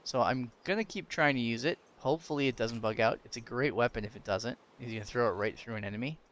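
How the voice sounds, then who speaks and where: A young man giving casual gameplay commentary, excitable, laughing and yelping when danger comes, chatting to the game's creatures. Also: mid-range voice, quick pace, muffled recording. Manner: excitable, yelps and laughs at danger, talks to game mobs. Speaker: gaming commentator.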